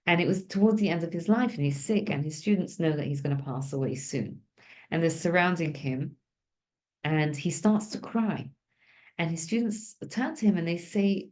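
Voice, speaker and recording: A woman's voice: fairly low pitch, lively intonation, normal speed, darkish tone. A woman teaching an informal religious lesson, talking conversationally and asking the group questions.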